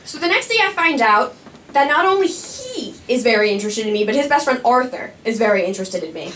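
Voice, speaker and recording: A woman's voice: a little high, big pitch swings, a little fast, fairly bright tone, a little hiss or hum. A young woman telling a true personal story on stage in a chatty, self-mocking way. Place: small performing arts studio stage. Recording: echoey room from far off.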